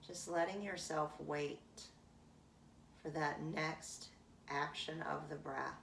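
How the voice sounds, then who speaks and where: A woman leading a guided breathing meditation in calm, drawn-out phrases with long pauses. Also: deep voice, vocal fry, a little hiss or hum. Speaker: meditation teacher. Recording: roomy echo from a distant mic.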